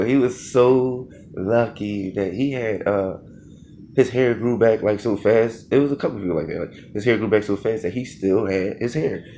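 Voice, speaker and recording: A man's voice: lowish voice, darkish tone, slight background noise. A young man, a former Marine, telling a boot camp story in a loose, laughing, slangy way. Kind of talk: casual storytelling vlog.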